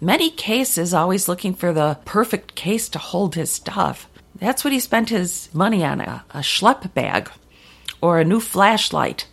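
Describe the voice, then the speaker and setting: A woman remembering a relative in a warm, admiring way. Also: lowish voice. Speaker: interviewee, family member. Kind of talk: reminiscing.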